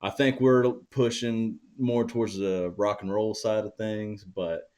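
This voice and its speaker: Young man, Oklahoma drawl, very low voice, easygoing musician guest, fillers everywhere. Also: fairly even intonation, unhurried, a little mellow, clear, resonant tone. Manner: laid-back, many fillers like "you know" and "um". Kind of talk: casual interview chat.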